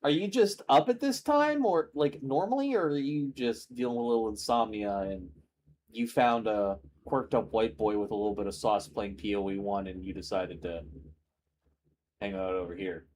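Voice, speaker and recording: A man's voice: fairly low pitch, moderate pace, darkish tone, slight background noise. A young man hosting a gaming stream, chatting casually and greeting viewers as he plays. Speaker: streamer host.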